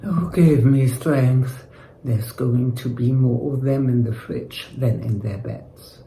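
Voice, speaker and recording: A woman playing a weary, sarcastic older villainess with a gravelly voice in a comedy sketch. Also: a bass voice, slow pace, roomy sound, background noise. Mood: exasperated. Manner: dry, sarcastic remarks. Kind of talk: comedy sketch acting and mock narration.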